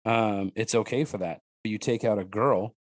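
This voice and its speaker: A man who hunts and cooks wild game tells rambling, animated stories about his hunting family as a guest in a casual podcast chat, restarting and using fillers. He speaks at normal speed, low for a man, acting out his daughters' lines in a higher voice. The sound is close and dry, without room echo.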